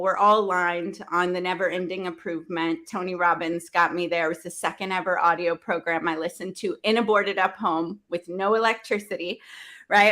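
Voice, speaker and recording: A woman hosting a business panel, telling a personal story animatedly and acting out the dialogue. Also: fairly low pitch. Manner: animated, acts out dialogue, laughs often. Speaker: event host.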